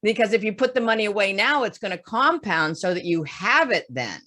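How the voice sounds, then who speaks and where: A woman financial advisor giving a webinar talk, explaining investing with lively stories and everyday examples. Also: medium pitch, fairly quick. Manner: animated storytelling with folksy examples.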